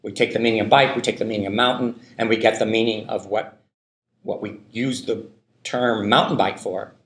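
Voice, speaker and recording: In an echoey lecture hall, a man gives a university linguistics lecture, thinking out loud with plenty of fillers and repeated "right?" checks to students. His voice is fairly low, steady, fairly quick, and slightly bright.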